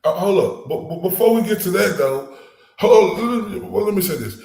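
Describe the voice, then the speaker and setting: A man's voice: sits high, expressive, normal speed, vocal fry, darkish tone. A man hosting a show, ranting with heated, profane reactions to clips he plays. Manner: heated, cursing, repetitive. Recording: roomy echo.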